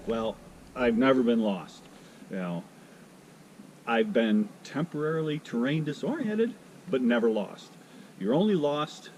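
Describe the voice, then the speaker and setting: A man's voice: on the low side, darkish tone, a little hiss or hum, rough recording. A man in his fifties telling casual, rambling stories in his vlog, joking and correcting himself as he goes. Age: 50s. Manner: rambling, jokey, self-correcting. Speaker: vlogger.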